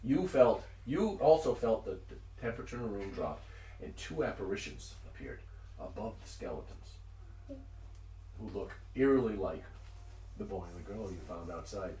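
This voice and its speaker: A man narrating as dungeon master in a casual, halting way, often restarting his sentences and laughing. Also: lowish voice, very animated, warm tone. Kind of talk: narrating a tabletop game, casual. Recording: roomy echo, far from mic, faint noise.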